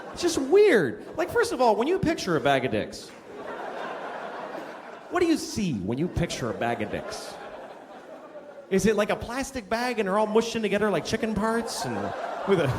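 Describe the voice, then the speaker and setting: A man's voice: sits high, background noise. A man doing a live stand-up routine, telling a crude story in a sardonic way and acting out the people in it. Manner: sardonic storytelling, crude jokes, acts out quotes. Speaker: stand-up comedian. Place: live comedy stage before an audience. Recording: reverberant hall with loud audience.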